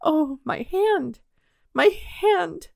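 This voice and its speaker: A woman voicing an earnest, emotional young boy with a high, tearful, pleading voice. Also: unhurried, no echo, clean studio sound. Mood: despairing.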